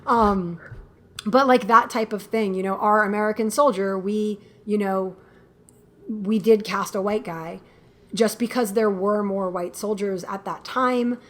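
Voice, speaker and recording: Animated woman telling stories in chat. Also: medium pitch, measured pace. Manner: animated storyteller, laughs often, acts out quotes. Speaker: guest filmmaker. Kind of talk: casual interview chat.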